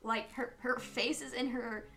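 A woman's voice: fairly high pitch, fairly even intonation, a bit bright, soft background music. A woman narrating as game master of a tabletop game, chatty and giggly. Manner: giggly, chatty, quick to laugh.

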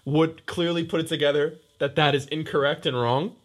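A man's voice: fairly quick, slight background noise. A young man and podcast co-host in a casual chat, teasing and laughing as he tells about a prank. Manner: teasing, laughing, lively pitch.

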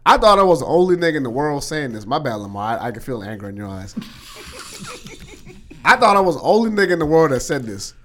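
A young man chats on a casual podcast, telling work stories and acting out his coworkers' lines. His voice sits a bit high and swoops widely as he rushes through his stories. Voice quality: animated storyteller, acts out coworkers' lines. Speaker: podcast co-host. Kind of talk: casual chat.

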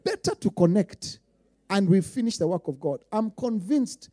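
A Kenyan man preaching with a high, mellow voice. He drops into quiet asides, then rises to loud, emphatic declarations, and repeats his lines for weight. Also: big pitch swings, moderate pace. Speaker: pastor. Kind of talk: sermon.

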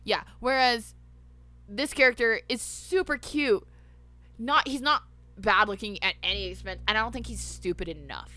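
A woman retells a movie in a loose, swear-heavy, casual way, full of asides. Her voice is bright and forward. The sound is dry and close. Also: fairly high pitch, normal speed, no echo. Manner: loose and profane, with lots of asides. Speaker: podcast co-host. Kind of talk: casual chat recapping a movie.

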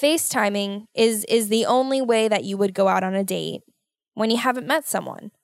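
A woman hosting a casual solo podcast, talking in an animated, worried, motherly way and exaggerating her fears. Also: mid-range voice, normal speed, vocal fry, no echo, studio quality. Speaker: podcast host.

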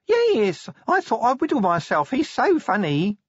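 Guy putting on a high soft girly voice, sweet and kinda dim, dull dry audiobook sound. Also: huge pitch swings, measured pace, breathy edge, no room sound, exaggerated voice. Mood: earnest. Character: sweet, dim, shy young beauty woman.

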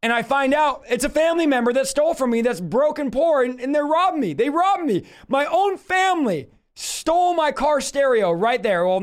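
A man with a very high voice leads a Bible study teaching. He talks in an animated, emphatic way, repeating key phrases for stress. He jokes with his viewers as he goes.

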